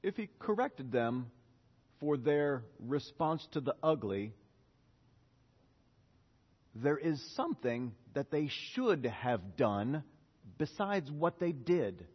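A middle-aged man preaching a lively sermon, quizzing the congregation and acting out prayers. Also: mid-range voice, slow pace, pauses often, husky. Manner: animated, questions the congregation, acts out prayers. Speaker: pastor. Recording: dull reverberant hall.

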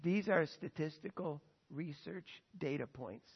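A man with a high voice preaches a sermon, moving from lively storytelling into emphatic argument. His voice rings out with a long hall reverb. The recording sounds somewhat dull and muffled. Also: a little slow, husky. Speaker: pastor.

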